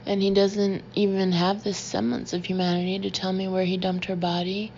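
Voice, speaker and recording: A woman voices a grieving man, calm and controlled, with bitterness under his words. The delivery stays flat in pitch. A faint hiss sits behind a slightly dull audiobook recording. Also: normal speed, natural voice. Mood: bitter.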